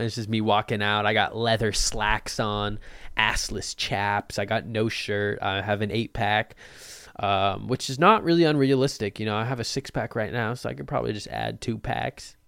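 Young male podcaster, loose and joking, low-ish voice, dry close mic. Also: steady tone, moderate pace, gravelly, a bit bright, smooth, no echo. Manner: loose, jokey, swears freely. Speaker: podcast host. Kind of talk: casual solo podcast Q&A. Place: Portland.

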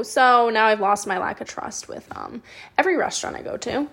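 A young adult woman hosting a podcast, telling personal stories in a casual, animated way, full of "like" and the odd swear word. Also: fairly high pitch, a little fast. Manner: chatty and animated, with frequent "like", swearing and laughter. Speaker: podcast host. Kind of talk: casual storytelling monologue.

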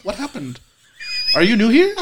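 A fussy, fancy tavern woman, gushing in a high voice, as a man puts her on. She swoops way up in pitch. Her words come with a breathy fuss. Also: wildly swooping pitch, normal speed, a little hiss or hum.

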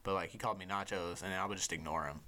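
Young guy w a lowish voice, cussing a lot while he tells a story, goes hushed sometimes. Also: fast, slight background noise. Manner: profane, animated storyteller who drops to a hushed voice for inner thoughts. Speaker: podcast host. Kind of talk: casual storytelling chat.

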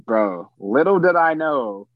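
A man's voice: on the high side, animated, slow, dry recording. Laid-back young man, dull dry sound. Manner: laid-back, slangy, teasing storytelling with lots of fillers. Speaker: podcast guest. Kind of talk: casual chat between friends.

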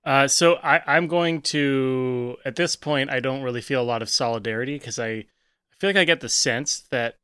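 A man rambles through his turn in a comedy tabletop game, cutting himself off mid-thought. His voice is bright and smooth, recorded close and dry. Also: medium pitch, moderate pace, dry recording. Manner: rambling, self-interrupting. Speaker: guest player.

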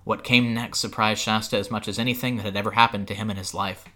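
A man reading a storybook aloud with steady, expressive narration on a podcast. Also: on the low side, fast talker, hardly any pauses. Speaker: podcast host, reader.

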